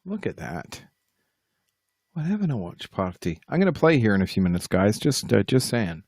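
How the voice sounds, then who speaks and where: A man's voice: on the low side, very animated, normal speed, vocal fry, long pauses, a little mellow, dry recording, clean studio sound. A man hosting a casual live stream from home, rambling and poking fun at himself as he talks straight to his viewers. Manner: rambling, self-mocking, talks straight to the chat. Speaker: livestream host and musician.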